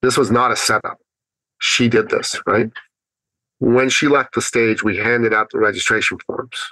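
A man telling a personal story as a guest on an interview podcast, acting out his own thoughts with animated pitch. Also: normal speed, dry recording, poor audio. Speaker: podcast guest, business speaker.

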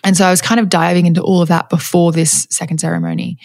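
A woman's voice: lowish voice, flat delivery, fast talker, creaky, darkish tone, no room sound, clean studio sound. A woman casually telling a personal story, reflective and candid, with many fillers and restarts and light laughs. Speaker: storyteller sharing a personal spiritual experience.

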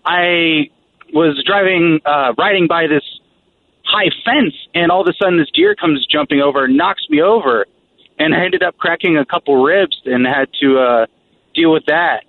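A man calling in to a radio show, telling a casual, halting story. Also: on the high side, animated. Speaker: caller. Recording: tinny phone line.

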